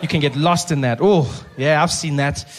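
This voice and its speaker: A man with a South African accent doing live stand-up comedy. He talks in an animated way, with big swings in his voice as he acts out characters. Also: fairly high pitch, normal speed. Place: stage before a live audience. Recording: live club recording with crowd noise and laughter. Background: audience laughter.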